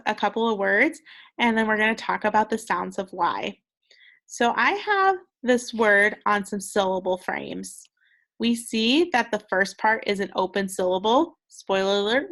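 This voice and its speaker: A young woman with a mid-range, fairly bright voice teaches a recorded phonics lesson to second graders. She is patient and encouraging, carefully sounding out each word.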